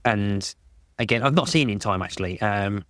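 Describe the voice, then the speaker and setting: Rambling man, low voice. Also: moderate pace, fairly bright tone, no echo, clean studio sound. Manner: rambling, heavy on "like" and restarts. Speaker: podcast guest. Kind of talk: casual podcast chat.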